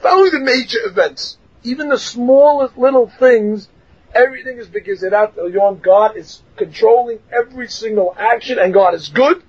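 Husky, high-voiced man giving a Torah lecture. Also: moderate pace, highs cut off. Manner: animated, acts out quotes, laughs often. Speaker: rabbi teaching a class.

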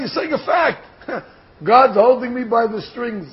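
An older man giving a Torah lecture, speaking in a deliberate, explanatory way and posing rhetorical questions before answering them. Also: very high voice, animated, vocal fry, husky. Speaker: Torah teacher. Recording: dull lo-fi recording.

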